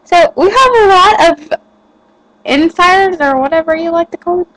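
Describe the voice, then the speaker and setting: A woman's voice: extremely high pitch, normal speed, a bit bright, no room sound, rough recording. A teenage girl chatting to the camera, giggly and rambling with lots of fillers. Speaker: vlogger. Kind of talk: casual chat to camera.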